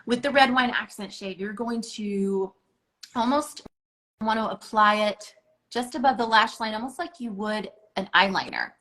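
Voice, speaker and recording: A woman's voice: medium pitch, lively intonation, moderate pace, sharp tone, low-quality recording. A woman teaching a makeup lesson, coaching step by step in an encouraging, hands-on way with casual filler words. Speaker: makeup instructor. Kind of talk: instructional makeup tutorial.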